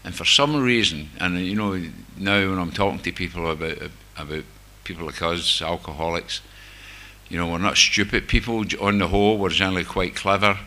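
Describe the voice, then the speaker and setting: Speaking to a group about his recovery, this older Glasgow-area Scotsman is candid and jokes at his own expense. He has a low voice, a little fast, with fairly even intonation and a sharp tone.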